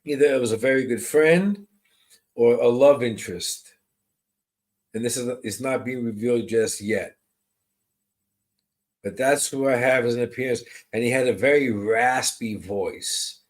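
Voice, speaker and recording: A man working as a psychic medium, giving a live online reading, describing impressions slowly and answering viewers' comments. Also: mid-range voice.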